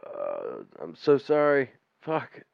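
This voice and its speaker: A man's voice: medium pitch, wildly swooping pitch, takes it slowly, creaky, dry recording. A man co-hosting a podcast, telling a long story in a rambling, profane, casual way and laughing as he goes. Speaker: podcast co-host. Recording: dull, dry podcast audio.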